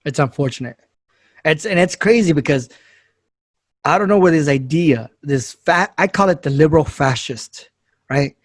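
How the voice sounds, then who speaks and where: A man's voice: on the high side, expressive, normal speed, no echo, studio quality. A man co-hosting a casual political talk show, arguing his points and laughing between them. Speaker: podcast co-host.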